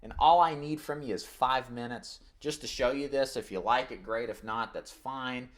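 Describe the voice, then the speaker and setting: A man's voice: medium pitch, normal speed. A man teaching insurance agents in a live online training, coaching with energy and acting out phone scripts. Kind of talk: live webinar sales training.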